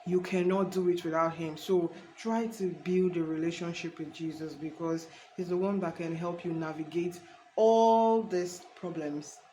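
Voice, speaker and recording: A woman's voice: fairly low pitch, unhurried, warm tone, slight background noise, low-quality recording. A woman giving an earnest, casual faith talk to her viewers, rambling with restarts and calling them honey. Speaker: faith vlogger.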